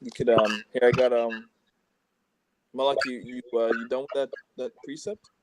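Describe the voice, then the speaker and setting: Man, casual religious discussion, halting with ums, reads verses aloud, noisy clicking recording. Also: medium pitch, fairly even intonation.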